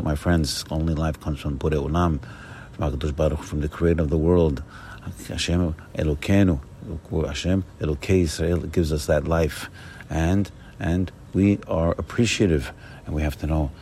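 A man giving a fervent Sabbath morning sermon as a rabbi, repeating short phrases and swinging between loud bursts and soft low asides. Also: breathy edge.

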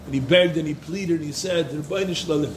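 High-pitched guy preaching a torah class to students, really emphatic, echoey room with faint background hum. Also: fairly quick. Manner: impassioned and emphatic, repeats phrases for stress. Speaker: Torah lecturer. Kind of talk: Torah lecture to yeshiva students.

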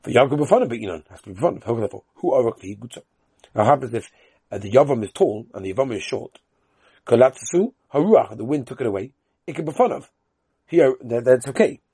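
A man's voice: mid-range voice, lively intonation, a little fast, mellow, husky, dry recording, clean studio sound. A man teaching Talmud in Yeshivish English with a Yiddish lilt, chanting the text in sing-song and then explaining it. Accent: Yiddish-inflected Yeshivish English. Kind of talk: chanting and translating a Talmud lesson.

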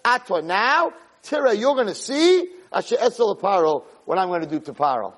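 A man's voice: high-pitched, very animated, moderate pace, fairly bright tone, voice pushed up, full character voice. A man voicing God as a stern voice rebuking a prophet in a sermon.

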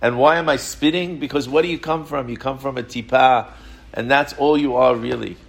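A man voicing a calm, self-controlled sage in a retold story, speaking low and gravely. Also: a little fast, close to an everyday voice.

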